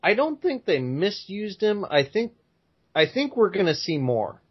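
A man co-hosting a podcast in casual chat, easygoing and measured, often hedging his opinions. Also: high-pitched, sing-song, breathy edge. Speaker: podcast co-host. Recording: dull lo-fi sound.

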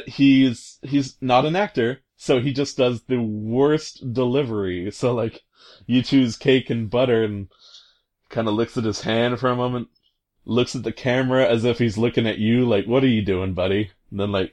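A man's voice: medium pitch, darkish tone. A man casually retelling a video game scene, rambling and hesitant, full of fillers and amused asides. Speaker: commentator recounting a video game.

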